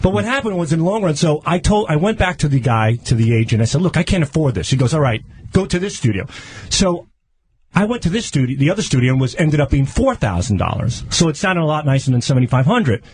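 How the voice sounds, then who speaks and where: A man, a radio show regular who tells stories in a lively way and acts out other people's lines. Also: a little high, fast talker, slight background noise. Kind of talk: casual radio chat.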